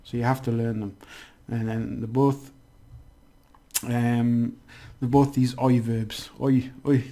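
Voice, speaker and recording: Man, casual lesson, mellow voice, rambling with restarts. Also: mid-range voice, little pitch movement, slow. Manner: chatty, rambling, many restarts and fillers. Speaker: language teacher.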